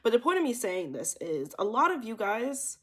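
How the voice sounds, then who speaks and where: A woman's voice: on the high side, very animated, normal speed, a bit bright. A young woman reading cards for viewers, telling stories in a chatty, emphatic way with lots of asides to the audience. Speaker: intuitive card reader. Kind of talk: casual storytelling to viewers.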